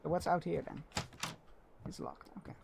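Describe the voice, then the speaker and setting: A man's voice: on the high side, wildly swooping pitch, normal speed, gravelly, noisy background. A man streaming a video game, chatting casually and musing aloud, with frequent fillers and chuckles. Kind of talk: casual gameplay commentary.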